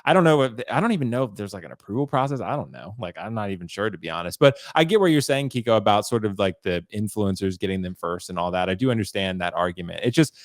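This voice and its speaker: Low-ish voiced guy hosting a podcast, talks fast, lots of "i don't know", agreeable. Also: lively intonation, no room sound, studio quality. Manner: agreeable, hedging, thinking aloud. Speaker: podcast host, toy reviewer. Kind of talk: casual podcast chat.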